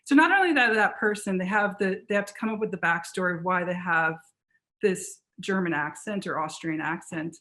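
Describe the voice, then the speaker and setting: A woman author in a book talk conversation, telling history in an animated, fast storytelling way with frequent restarts. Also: on the low side.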